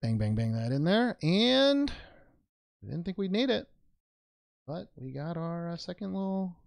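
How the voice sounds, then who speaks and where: Lively, gravelly-voiced man unboxing cards. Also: high-pitched, measured pace, dry recording. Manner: rambling, joking, with playful made-up words. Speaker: trading card unboxing channel host. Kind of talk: casual unboxing commentary.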